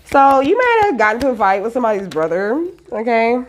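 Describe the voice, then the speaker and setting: A woman's voice: a little high, fast talker, a little hiss or hum. Giggly woman giving a spiritual reading. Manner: giggly, animated, peppered with "okay?"; reads lyrics aloud and swears casually. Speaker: tarot reader.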